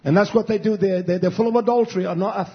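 A man preaching a fiery sermon as pastor, dropping to low mutters and rising to shouted, high cries. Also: fairly even intonation, quick pace, breathy edge. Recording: dull lo-fi sound.

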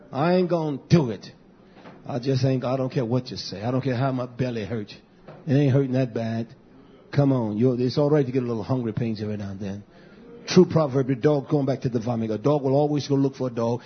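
A man preaching a fiery sermon, blunt and repetitive, swinging between shouts and low mutters, on a muffled lo-fi recording. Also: fairly even intonation, fast talker.

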